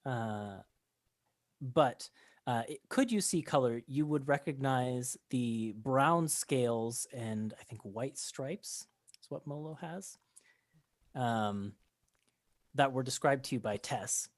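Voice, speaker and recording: A man's voice: medium pitch, slow, no echo. A man narrating as game master of a tabletop game, describing scenes with many ums and restarts.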